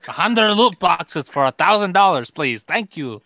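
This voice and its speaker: A man co-hosting a casual podcast chat, excitable and laughing often. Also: sits high, moderate pace, vocal fry, no room sound. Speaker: podcast co-host.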